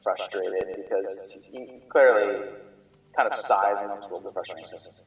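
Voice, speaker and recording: A man's voice: fairly low pitch, moderate pace. Game master man, casual and roomy. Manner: casual narration with many fillers. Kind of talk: narrating a tabletop game. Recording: roomy sound, distant mic, faint music.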